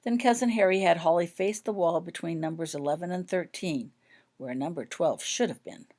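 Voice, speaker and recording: Low-voiced woman reading a story. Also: moderate pace, a little mellow. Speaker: author reading her own fan fiction. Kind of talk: storybook narration.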